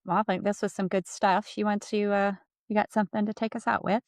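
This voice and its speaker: A woman's voice: mid-range voice, level tone, fast talker, no echo, studio quality. A woman co-hosting a podcast, talking candidly in a loose, chatty, everyday way. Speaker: podcast co-host. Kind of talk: casual podcast conversation.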